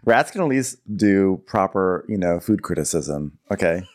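A man's voice: low-pitched, lively intonation, normal speed. A man co-hosting a comedic TV recap podcast, riffing on references and putting on campy voices. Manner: joking, riffs on references, puts on campy voices. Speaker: podcast co-host.

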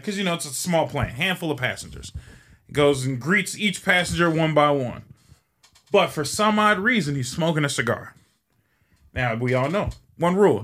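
A man's voice: fairly high pitch, a bit bright. A man hosting a show who tells a long joke in a rambling, casual way, swearing freely and filling his speech with ums. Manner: rambling and profane, with frequent fillers. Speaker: show host.

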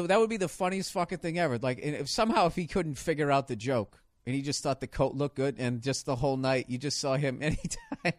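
A man hosting a podcast in a loose, cursing storytelling chat, with a slightly higher voice than most men. He jumps into loud mock shouts as he tells it, and the sound is dry and close with no room around it. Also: no echo. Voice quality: profane and animated, bursts into loud mock shouts. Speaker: podcast host.

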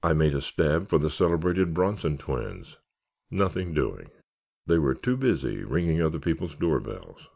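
A genial male scoutmaster, voiced by a male audiobook narrator, delivers an earnest, oratorical speech. The voice is very deep with a gravelly edge, and the pitch rises and falls in lively swings as he rallies his listeners. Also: moderate pace, heavily acted. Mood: rousing. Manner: earnest, oratorical, rallying cheers. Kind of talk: audiobook character reading.

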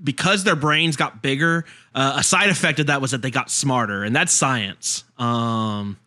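A man co-hosting a casual movie podcast, animated and quick to laugh. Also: mid-range voice. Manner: animated, laughs often, jumps between points. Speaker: podcast co-host.

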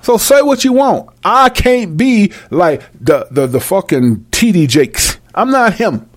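Brash, lively cursing man preaching. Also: a little slow. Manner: brash, mocking and full of cursing; swings between loud outbursts and low mutters. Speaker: self-styled preacher. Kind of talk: profane, freewheeling Bible commentary.

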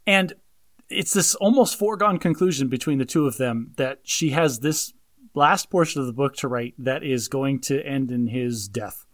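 A man co-hosting a casual movie discussion, excitedly retelling scenes and acting out the lines. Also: medium pitch, moderate pace, dry recording, clean studio sound. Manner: animated, laughing, acts out quotes. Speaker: podcast co-host.

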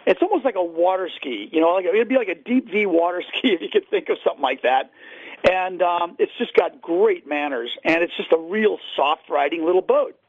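High gravelly man on a phone line. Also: fairly quick, no room sound. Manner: enthusiastic storyteller, many fillers. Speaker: fishing guide and boat seller. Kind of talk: casual radio interview. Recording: dry, tinny phone line.

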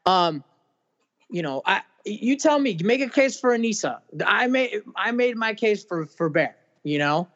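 A man's voice: high-pitched, big pitch swings, fairly bright tone. Rambling male co-host, dull audio. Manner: rambling, halting, many fillers. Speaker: podcast co-host. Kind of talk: casual podcast discussion.

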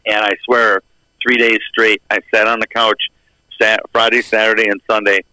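A man's voice: on the low side, little pitch movement, moderate pace, bright, forceful tone, dry recording, rough recording. A middle-aged man on a podcast telling a long story in a casual, rambling way, acting out the lines of the people in it. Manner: rambling, acts out quoted dialogue. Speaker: podcast co-host.

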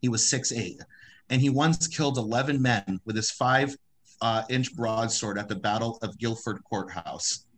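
A man's voice: medium pitch, normal speed. A man co-hosting a casual podcast chat, teasing his friend and swearing freely while sharing history facts. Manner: teasing, profane, storytelling. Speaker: podcast co-host.

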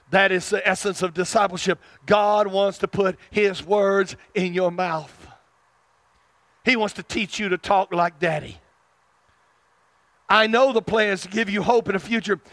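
Man, Southern accent, preaching, high-pitched, close dry sound, fervent then hushed. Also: a little slow, no echo. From South Arkansas. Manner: swings between loud fervent preaching and hushed tender passages; chuckles at his own asides. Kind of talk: sermon.

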